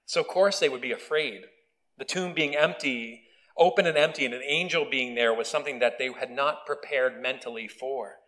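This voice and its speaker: A man preaching a relaxed, conversational sermon on video. He talks at a middle pitch, mixes in wry asides, and often restarts his sentences. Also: moderate pace, low-quality recording. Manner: conversational, self-deprecating, with restarts. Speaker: pastor. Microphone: video recording.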